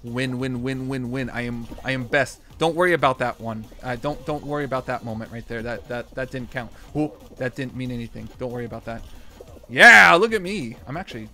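A man streaming a game, rambling with lots of fillers and restarts, then bursting into shouts and laughs. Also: mid-range voice, brisk. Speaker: gaming streamer. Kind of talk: live gameplay commentary.

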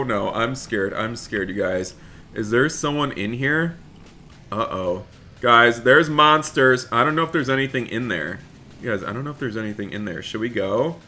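A young man hosting a gaming video, giving excited gameplay commentary and talking straight to his viewers. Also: medium pitch. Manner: animated, keeps addressing viewers as guys, shouts for help in panic. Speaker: gaming channel host.

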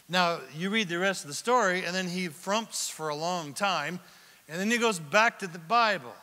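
A male pastor preaching a sermon, reading scripture aloud and asking the congregation questions, swinging from near-shouts down to whispers. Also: high voice, expressive, brisk. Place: church sanctuary. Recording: long hall reverb.

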